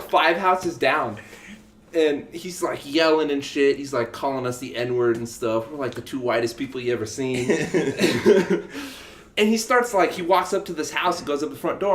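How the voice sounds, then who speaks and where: A young adult man co-hosting a podcast, telling a story in an animated, laughing way and swearing freely. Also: on the high side, a little hiss or hum. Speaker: podcast co-host. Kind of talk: casual storytelling chat. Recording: echoey room.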